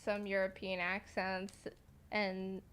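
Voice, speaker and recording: A woman's voice: mid-range voice, monotone, slow, a bit bright, smooth. A woman streamer chatting casually with her viewers while she draws their art requests, joking as she works. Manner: joking, chatty, talks to chat while working. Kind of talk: casual livestream chat while drawing.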